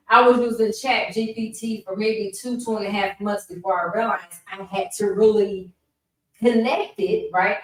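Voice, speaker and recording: A chatty woman hosts a podcast and teaches in a loose, conversational way. She repeats herself and often asks her listeners "right?" Her voice sounds distant from the microphone in a very echoey room. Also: medium pitch. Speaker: podcast host teaching business tips. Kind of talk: casual instructional talk.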